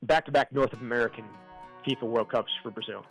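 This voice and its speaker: A man's voice: mid-range voice, steady tone, a little fast, breathy edge, lo-fi sound, faint music behind. A man talking sports on a radio show, hesitating and restarting as he searches for words. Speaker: sports director guest. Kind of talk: casual sports chat.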